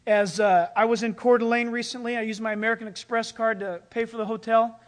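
A man preaching a sermon, telling personal stories in an animated, storytelling way and chuckling mid-sentence. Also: very high-pitched, a little fast. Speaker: pastor.

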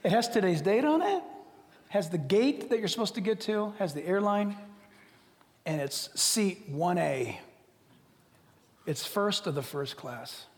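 A man's voice: sits high, unhurried, long pauses, long reverb tail. A male pastor preaching a sermon animatedly, acting out imagined conversations and dropping to whispers. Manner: animated, acts out both sides of imagined dialogues, drops to whispers.

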